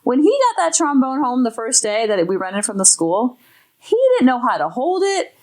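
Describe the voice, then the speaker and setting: A woman's voice: fairly high pitch, big pitch swings, moderate pace, a little mellow. A woman hosting a parenting podcast, talking in an emphatic, enthusiastic way. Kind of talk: podcast talk.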